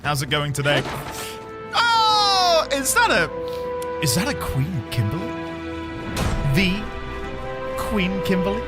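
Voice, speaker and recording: A man's voice: sits high, sing-song, measured pace, long pauses. A man streaming a video game, chatting casually with viewers in a rambling, jokey way. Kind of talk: casual gaming commentary. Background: game music.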